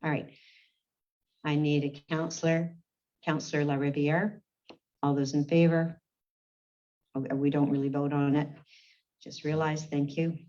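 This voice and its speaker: A woman serving as warden, chairing a formal council meeting in a brisk, procedural way and calling the roll. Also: deep voice, level tone, mellow. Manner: brisk, procedural, reads names in a roll call. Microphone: meeting-room microphone on a livestream. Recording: dull lo-fi livestream audio.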